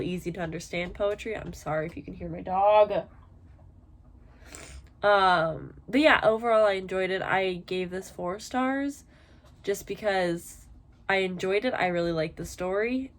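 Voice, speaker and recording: A woman in her twenties chatting casually in a book vlog, rambling with lots of fillers. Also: medium pitch. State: tired, yawning. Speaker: book vlogger.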